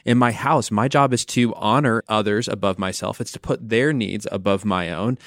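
A middle-aged father co-hosting a faith podcast, speaking in a practical, warm, advising manner. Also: lowish voice, moderate pace, dry recording, studio quality. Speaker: pastor co-host. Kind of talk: podcast conversation.

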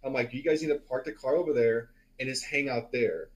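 Forties male podcast co-host, casual storyteller, mid-pitched, profane and rambling. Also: brisk, low-quality recording. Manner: loose, profane, rambling with many fillers.

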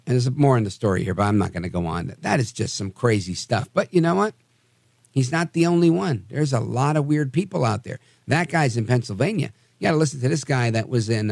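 A man hosting a podcast, telling odd news stories with wry, animated asides. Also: mid-range voice, vocal fry, no echo. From New Jersey area. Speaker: podcast host. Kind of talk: casual news commentary.

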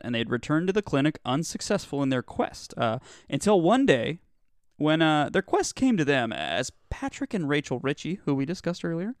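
A man's voice: mid-range voice, no room sound, clean studio sound. A man co-hosting a casual comedy podcast, rambling and joking with lots of fillers and restarts. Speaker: podcast co-host.

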